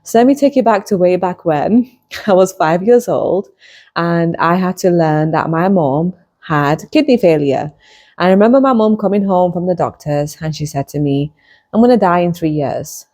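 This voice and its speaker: A woman's voice: fairly low pitch, moderate pace. Chatty woman hosting her own show. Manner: chatty and animated, laughs often, addresses viewers directly. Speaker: podcast host and hypnotist. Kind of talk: casual personal storytelling to camera.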